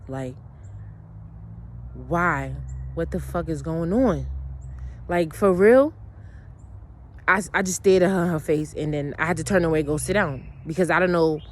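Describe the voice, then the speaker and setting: Speaking in a fairly low voice, a woman gives a long, casual monologue about something personal. She's blunt and emotional, swears freely, and rambles through restarts and asides.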